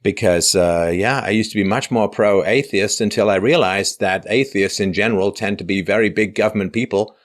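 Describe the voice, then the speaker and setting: A man with a low-pitched voice hosts a casual conversation. He argues his points at length and builds them up with examples. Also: moderate pace, few pauses. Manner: argumentative, builds points with examples and acted quotes.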